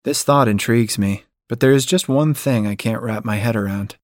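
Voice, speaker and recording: A man reading a first-person story aloud as narrator, in a quiet, measured way. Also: medium pitch, dry recording, studio quality. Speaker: audiobook narrator.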